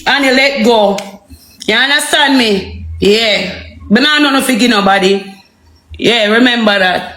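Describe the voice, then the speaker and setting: A woman's voice: a little high, a little slow, pushed and bright. A woman with a Jamaican accent ranting to viewers on a livestream. She repeats herself and keeps asking rhetorical questions. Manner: heated, repetitive, rhetorical questions. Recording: echoey room, faint music.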